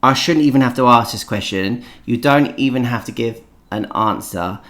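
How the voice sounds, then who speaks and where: A man's voice: mid-range voice, normal speed, fairly bright tone. Chatty man leading a podcast. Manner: chatty, leads the talk, teasing. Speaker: podcast host. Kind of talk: casual chat.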